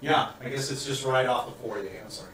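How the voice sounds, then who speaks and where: A man narrating as game master in a tabletop game, rambling and halting with many fillers. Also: medium pitch, fairly bright tone. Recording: echoey room, mic far off, faint hiss.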